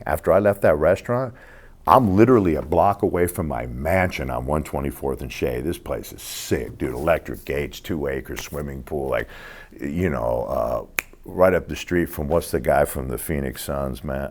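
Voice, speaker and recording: A man's voice: extremely low pitch, darkish tone. A man in his sixties telling stories in a casual interview, streetwise and profane, acting out other people's lines. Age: 60s. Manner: acts out other people's lines in quoted voices. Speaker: interview guest.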